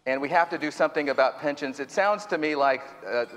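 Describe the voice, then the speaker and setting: A man's voice: fairly high pitch, quick pace, a bit bright. A man moderating a conference panel, introducing speakers in a chatty, joking way with fillers and restarts. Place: conference hall. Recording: reverberant hall, faint noise.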